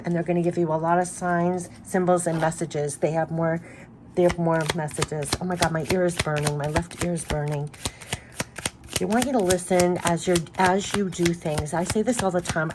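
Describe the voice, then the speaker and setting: A woman's voice: on the low side, a little mellow, a little hiss or hum. Earnest woman giving a spiritual card reading. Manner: earnest, repetitive, effusive. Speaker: tarot card reader.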